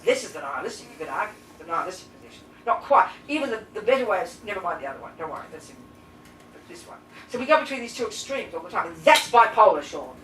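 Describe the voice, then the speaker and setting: A woman teaching as a Buddhist nun to a live class, blunt and lively, firing rhetorical questions at her listeners. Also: medium pitch, fast. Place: teaching room with audience. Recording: roomy echo, distant mic, faint hiss.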